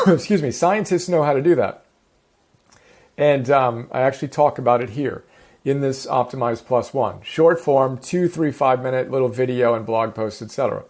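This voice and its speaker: A man teaching a self-improvement class in an energetic, enthusiastic, casual way, sometimes correcting himself mid-sentence. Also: medium pitch, moderate pace. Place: home in the countryside.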